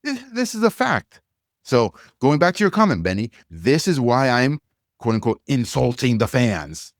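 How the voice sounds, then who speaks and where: A man's voice: medium pitch, sing-song, moderate pace, dry recording, clean studio sound. A male podcast co-host ranting with blunt, profane fervor. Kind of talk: heated opinion rant.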